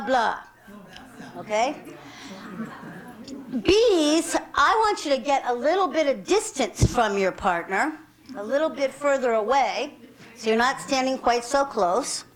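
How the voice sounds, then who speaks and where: A woman with a high, light voice leads a self-defense class, giving upbeat, directive instructions. She keeps it playful while she runs the group through the exercise. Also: rough recording.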